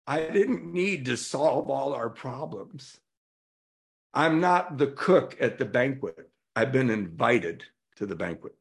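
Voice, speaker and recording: A middle-aged man from California shares his recovery story at a convention with a gravelly edge. His pitch sits in an ordinary middle range. He tells it candidly, slipping into the voices of the people in his stories. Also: animated, slow pace. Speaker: recovery speaker. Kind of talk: personal testimony talk. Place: convention hall.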